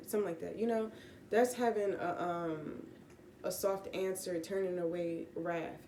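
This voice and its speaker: A woman giving a relaxed, casual Bible teaching from home, rambling with fillers and self-corrections. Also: lowish voice, a little slow, reverberant, slight background noise. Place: home room with pets.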